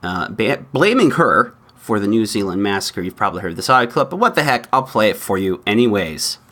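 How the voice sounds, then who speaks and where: A man's voice: on the low side, very animated, a little fast, bright, forceful tone. Sarcastic podcast host man. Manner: sarcastic, mocking asides. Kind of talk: opinionated podcast monologue.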